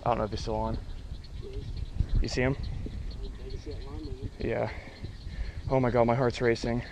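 A man fishing from a boat outdoors, talking casually to viewers and breaking into excited exclamations. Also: medium pitch, a little slow, slight background noise. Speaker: angler. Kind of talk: casual fishing vlog commentary.

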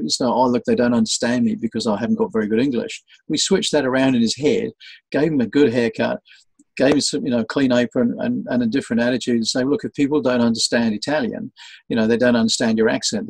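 A man's voice: mid-range voice, quick pace, vocal fry, slightly rough, no echo, low-quality recording. A man being interviewed as a sales trainer, telling stories animatedly and acting out the voices of the people in them. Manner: animated storyteller, acts out quoted voices. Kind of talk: conversational interview.

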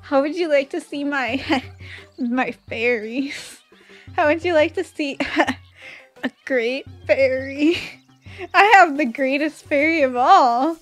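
A woman voicing a cheesy, suggestive smooth-talking flirt, pitched lower than her usual voice. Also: takes it slowly, a bit bright, soft background music. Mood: flirty.

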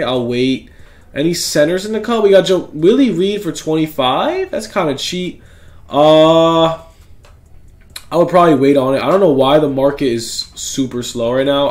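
A young man giving excited, slangy gameplay commentary, talking straight to his viewers. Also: on the high side. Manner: hyped, slangy, talks to viewers. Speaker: gaming YouTuber.

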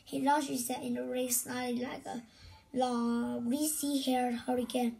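A woman reading a children's storybook aloud, slowly and haltingly, with restarts. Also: sits high, little pitch movement, gravelly, dark tone, low-quality recording. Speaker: reader.

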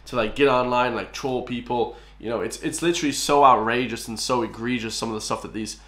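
An Irish man hosting a music reaction, excitable and chatty, who keeps calling out to the guys. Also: mid-range voice, brisk, roomy sound. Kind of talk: casual reaction commentary.

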